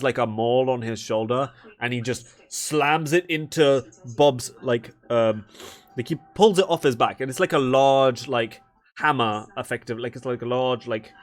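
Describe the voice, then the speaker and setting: Brief: a casual, rambling game master, a man narrating a fantasy session. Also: mid-range voice. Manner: casual, rambling with many fillers.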